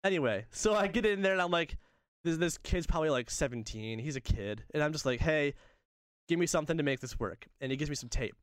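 Animated young man telling a story. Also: fairly high pitch, a little fast, no room sound, studio quality. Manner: animated, laughs often, acts out voices. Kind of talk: casual storytelling chat.

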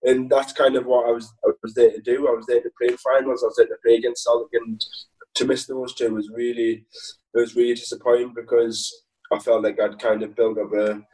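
A man's voice: mid-range voice, flat delivery, fairly quick, darkish tone, distant mic, rough recording. A man talking as a footballer guest in a casual interview, rambling and laughing with many restarts.

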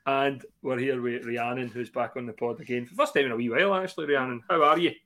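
A man's voice: mid-range voice, quick pace, fairly bright tone. Chatty man hosting a podcast. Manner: chatty, laughs often, joking with guests. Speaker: podcast host. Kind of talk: casual podcast chat.

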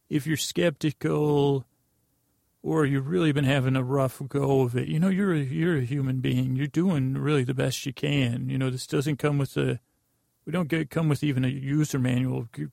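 A tired man hosting a podcast, with a creaky voice, in a rambling, self-deprecating bedtime monologue full of false starts. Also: mid-range voice, a little mellow, dry recording, clean studio sound. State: tired from lack of sleep. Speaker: podcast host.

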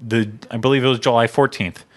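A man's voice: medium pitch, fairly even intonation, fast. A man hosting a casual podcast, running through news with plenty of fillers. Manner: rambling news rundown with fillers. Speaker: podcast host. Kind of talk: casual chat.

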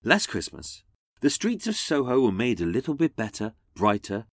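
A man's voice: medium pitch, wildly swooping pitch, moderate pace, no echo. Theatrical, mocking male narrator; swooping delivery, dry booth sound. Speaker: podcast host. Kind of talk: sarcastic scripted narration.

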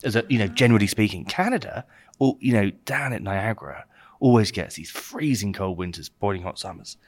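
A man's voice: lowish voice, animated, fairly quick. A man presenting wines in a casual chat, explaining with enthusiasm. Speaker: wine expert presenting wines.

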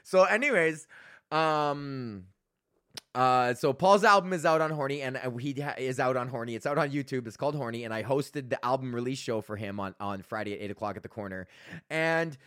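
A man's voice: medium pitch, a little fast, fairly bright tone, dry recording, clean studio sound. A young man from Canada hosting a podcast, ranting casually, swearing a lot, rambling and laughing often. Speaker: podcast host.

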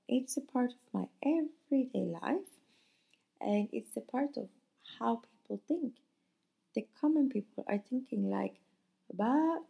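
A woman's voice: mid-range voice, lively intonation, moderate pace, creaky, mellow, husky. A woman from northern Europe hosting a podcast, telling a story in an earnest, heartfelt way and acting out the quotes. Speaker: podcast host. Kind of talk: casual storytelling monologue.

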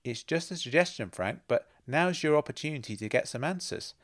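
A man voicing a sharp, dry-witted woman friend who teases and challenges. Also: fairly high pitch, animated, a little fast, pitched above the performer's own voice. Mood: earnest.

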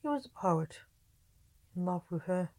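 Unhurried woman reading a story. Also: lowish voice, expressive, darkish tone, dry recording, low-quality recording. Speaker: narrator. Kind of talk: reading a story aloud, voicing characters.

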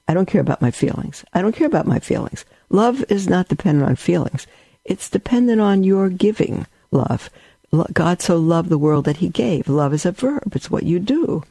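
A man's voice: sits high, animated, normal speed, vocal fry, husky, dry recording. A man giving a rambling spiritual talk, telling stories with asides. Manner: storytelling, warm and rambling with asides. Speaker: religious teacher.

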